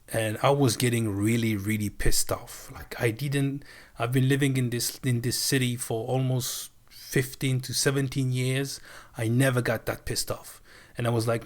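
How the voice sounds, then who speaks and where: Male streamer, middle pitch, animated and profane storyteller. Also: normal speed. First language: French. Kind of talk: casual storytelling. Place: live stream.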